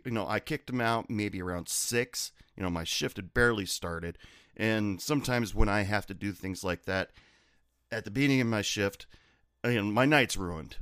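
A man's voice: on the low side, a bit bright, clear, resonant tone, dry recording, clean studio sound. A man, a bartender, telling stories from his bar in a casual, sardonic, profane way. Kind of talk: casual storytelling.

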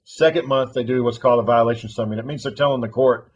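A man's voice: mid-range voice, fairly even intonation, quick pace, husky. A man telling a long story in casual chat, rambling and swearing freely.

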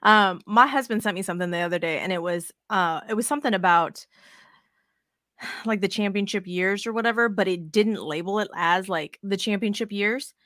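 A woman's voice: mid-range voice, moderate pace, fairly bright tone, dry recording. Thirtysomething woman on a podcast, cursing and retelling convos, dead dry mic. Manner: profane, storytelling with quoted dialogue. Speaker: podcast guest. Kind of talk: casual chat.

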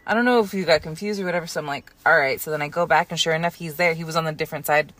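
A young adult woman co-hosting a podcast, telling a story in a casual, animated and profane way. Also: sits low, rapid-fire, no echo. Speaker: podcast co-host. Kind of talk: casual chat.

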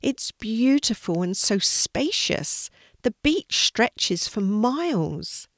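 A woman voicing a gentle young male dragon who speaks calmly and kindly. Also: fairly high pitch, slow pace, no echo, clean studio sound, voice pushed up, full character voice. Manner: calm, kindly.

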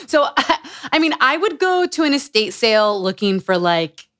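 A woman's voice: on the high side, sing-song, moderate pace, fairly bright tone, clean tone, dry recording, studio quality. A woman hosting a podcast, chatting casually about a book with guests, often laughing and retelling with animation. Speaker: podcast host. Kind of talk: casual book club chat.

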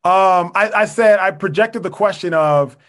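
A young man guest on a podcast, making his case in a measured, earnest way with precise wording. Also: high-pitched, fairly bright tone. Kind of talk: casual debate.

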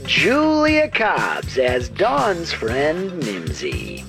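Woman host, low voice, very animated pitch swings, wry deadpan asides, music behind. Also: drawn-out words, vocal fry. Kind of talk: comedic podcast narration.

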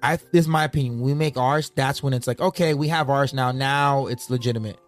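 Brief: male podcast co-host, rapid delivery, punchy and repetitive, mid-range voice, faint music behind. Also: mid-range voice. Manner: fast, emphatic, repeats points. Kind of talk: casual chat.

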